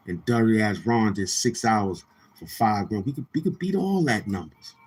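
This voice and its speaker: A man's voice: fairly low pitch, lively intonation, moderate pace, a little mellow, slightly rough. A man hosting a livestream, ranting loosely with restarts and mocking quoted voices. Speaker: livestream host. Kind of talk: casual livestream rant.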